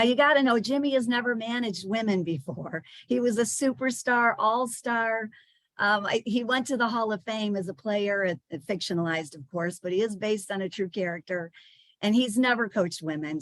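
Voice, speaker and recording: A woman's voice: medium pitch, dry recording. A woman giving a chatty presentation to sales leaders, with frequent fillers and small restarts.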